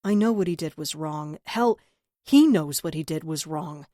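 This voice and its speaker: In this audiobook, a woman reads a troubled male police officer who sounds heavy-hearted and subdued. The voice sits lowish and close, with a dry, dead studio sound. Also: expressive, moderate pace, warm tone, dry recording. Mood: worried. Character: troubled male cop, worried about his brother.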